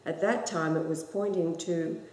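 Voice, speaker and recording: Low-voiced woman in an echoey room. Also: steady tone, normal speed, darkish tone. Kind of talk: casual chat. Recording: roomy echo.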